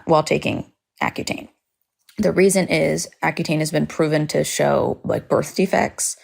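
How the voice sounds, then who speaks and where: Gravelly, low-voiced woman telling a story. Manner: chatty, heavy on "like" fillers, swears freely; vivid, dramatic retelling. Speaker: podcast host. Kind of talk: casual storytelling monologue.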